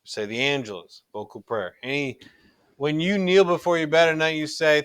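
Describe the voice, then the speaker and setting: A man's voice: medium pitch, animated, normal speed, fairly bright tone, dry recording. A middle-aged man teaching a recorded religion class in an earnest, conversational way, often restarting his sentences.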